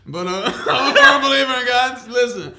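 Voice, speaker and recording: A man's voice: very high voice, moderate pace, bright, forceful tone. A young man co-hosting a podcast, reacting emphatically and repeating himself to drive his point home. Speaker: podcast co-host. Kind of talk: casual podcast chat.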